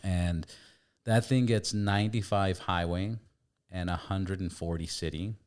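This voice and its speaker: A man's voice: sits low, fairly even intonation, measured pace, clear, resonant tone. A man hosting a podcast, chatting casually and with enthusiasm about motorcycles. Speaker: podcast host. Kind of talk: casual chat.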